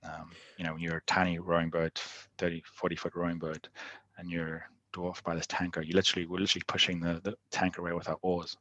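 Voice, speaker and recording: A deep-voiced man speaks quickly in a dry, close recording. He tells his stories in a loose, chatty way, laughing now and then as a guest on an interview show. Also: monotone, bright, forceful tone, dry recording, dull audio. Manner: laughs often while recounting stories; loose, chatty phrasing full of "like". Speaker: guest, endurance athlete. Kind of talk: casual interview storytelling.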